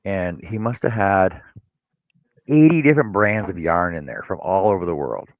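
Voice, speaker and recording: A man's voice: low-pitched, animated, normal speed, no room sound, lo-fi sound. A man co-hosting a casual chat show, telling a long story with many restarts and repeated words. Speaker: co-host.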